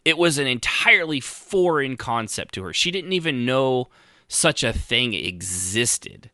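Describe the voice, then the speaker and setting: Man, podcast co-host, sarcastic, joking, rambling, casual chat, animated pitch. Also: measured pace, no room sound, studio quality.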